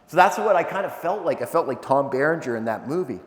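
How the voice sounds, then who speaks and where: A man giving an animated, energetic motivational talk, telling stories with asides to a live audience. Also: a little high, quick pace, hardly any pauses. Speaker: keynote speaker. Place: large event hall. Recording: echoey hall, long reverb.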